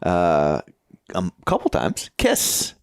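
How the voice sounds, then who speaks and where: Man, 50s, podcast co-host, animated pitch, quick jokes, dry close mic. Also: vocal fry, smooth, no echo. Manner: joking, quick with wisecracks. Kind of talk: casual chat.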